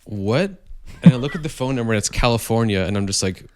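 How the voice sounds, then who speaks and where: A man's voice: mid-range voice, expressive, quick pace. A man, a podcast guest who owns a vintage store, telling a story casually with many fillers and restarts. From Canada. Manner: rambling, hesitant, many fillers.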